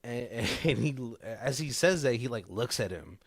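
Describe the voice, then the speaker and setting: A man's voice: mid-range voice, lively intonation, a little slow, slightly rough, no echo, clean studio sound. A man co-hosting a podcast, retelling a movie scene in casual chat, rambling and laughing as he acts out the lines. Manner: rambling storyteller who acts out quoted lines and laughs often. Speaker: podcast co-host.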